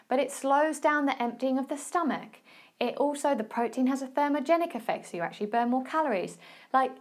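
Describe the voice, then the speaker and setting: Chatty Essex woman giving diet tips. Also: a little high. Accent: Essex English. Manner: chatty and encouraging, checks in with "okay?". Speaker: podcast host and nutrition coach. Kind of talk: casual solo podcast talk.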